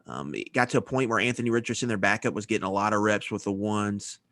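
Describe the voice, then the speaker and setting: A man's voice: fairly low pitch, fast talker, a bit bright, no room sound. Man, matter-of-fact sports talk, dry close sound, casual podcast. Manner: matter-of-fact, rattles off notes. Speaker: podcast co-host.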